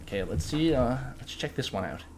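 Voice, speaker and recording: A man giving casual gameplay commentary as a channel host, thinking aloud, getting excited and swearing now and then. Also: mid-range voice, fairly quick, a little hiss or hum.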